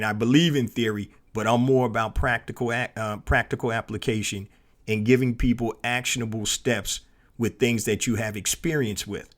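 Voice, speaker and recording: Chatty male podcast host telling a story. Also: medium pitch. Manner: conversational, frequent fillers and restarts.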